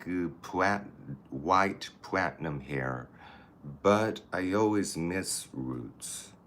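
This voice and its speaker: A man's voice: low voice, slight background noise. A man vlogging a get-ready-with-me routine, chatting in a campy, playful way. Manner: chatty, campy, talks to the camera and people nearby. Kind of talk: casual get-ready-with-me chat.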